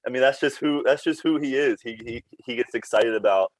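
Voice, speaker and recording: A man's voice: mid-range voice, brisk, no echo, rough recording. A man, a former team PR staffer, telling casual stories as a podcast guest and laughing through them. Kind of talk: casual storytelling chat.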